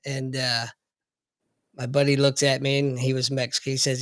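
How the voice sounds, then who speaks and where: A man's voice: mid-range voice, monotone, moderate pace, dry recording, studio quality. A man, a podcast host, telling a story in a casual, sheepish way and chuckling as he goes. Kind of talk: casual chat.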